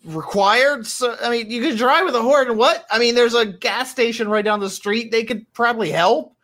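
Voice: mid-range voice, moderate pace, fairly bright tone. A game master running a tabletop game, thinking aloud over rulings with hesitant fillers.

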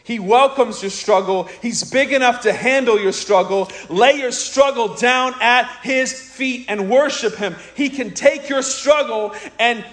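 A man's voice: extremely high pitch, measured pace, few pauses, fairly bright tone, echoey room. A man preaching a sermon with passion, asking the congregation direct questions and crying out when he quotes the anguished father. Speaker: pastor.

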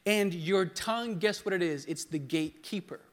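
Delivering a call-and-response sermon in a church hall, this young preacher has a high-pitched voice at normal speed. He keeps things loose and jokey, restarts often, and gets the congregation to echo his words.

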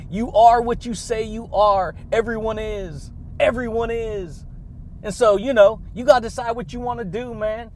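Male podcast host, high-pitched, exuberant motivational delivery full of laughs and catchphrases. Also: slight background noise. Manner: exuberant, laughs between phrases, drawn-out catchphrases.

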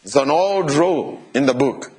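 A male pastor preaching a lively sermon, often turning to the congregation with asides and questions. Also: medium pitch, normal speed, breathy edge.

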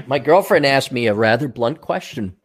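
A man's voice: mid-range voice, animated, measured pace, breathy edge. A man co-hosting a casual talk show, blunt and profane, rambling and slipping into mocking voices. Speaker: podcast co-host. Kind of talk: casual chat.

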